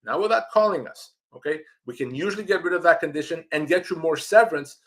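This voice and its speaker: A man's voice: a little high, quick pace, fairly bright tone. Emphatic man giving live legal advice. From Canada. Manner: emphatic, direct, repeats key points. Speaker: employment lawyer hosting a live Q&A.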